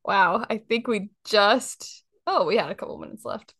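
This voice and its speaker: A woman hosting a casual podcast chat, playful and animated, often laughing. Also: medium pitch, normal speed, breathy edge, no echo, studio quality. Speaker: podcast host.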